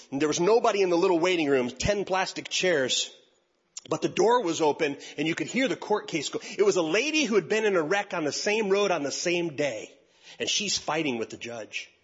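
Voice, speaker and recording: A man's voice: high-pitched, a little fast, slightly rough, highs cut off. An older man preaching a sermon, telling a personal story and acting out the voices of the people in it. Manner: animated storytelling, acts out voices of others. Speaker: pastor.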